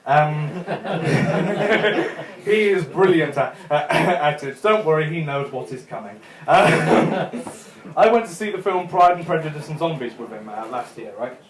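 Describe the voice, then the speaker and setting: A man's voice: on the high side, lively intonation, unhurried. A young man doing a chatty stand-up set in a comedy club, chuckling at his own jokes. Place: comedy club room with a live audience. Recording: echoey club room.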